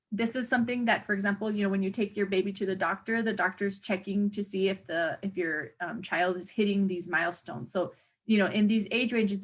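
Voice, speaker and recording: Woman instructor, mid-pitch, casual lecture delivery, filler-heavy, searches for words. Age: adult parent of a young child. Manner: chatty, hesitant, many fillers, searches for words. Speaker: teacher educator. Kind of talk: exam review lecture.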